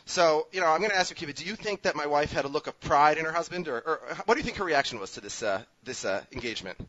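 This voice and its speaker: A fast-talking man from Minnesota whose accent has turned New York, hosting a podcast. His voice is bright, and he tells a story with a lot of animation and some self-mockery. The sound is dry and a little muffled. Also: on the high side, dry recording. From Minnesota, USA. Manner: animated, self-mocking, quick with restarts. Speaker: podcast host. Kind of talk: casual storytelling chat.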